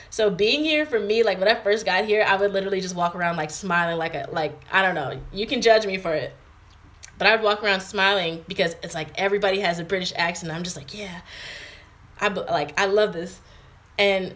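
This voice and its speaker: A woman's voice: medium pitch, a bit bright. A young American woman in her twenties chatting casually on a livestream from her home, reading and answering viewer comments with lots of fillers. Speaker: vlogger. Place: her home in England, indoors.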